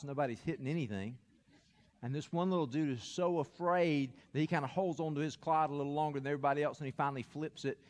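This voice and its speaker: A man preaching a sermon, telling a story with animated, building energy. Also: mid-range voice, in a large hall. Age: adult. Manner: animated, builds to loud excited peaks when telling a story. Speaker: pastor.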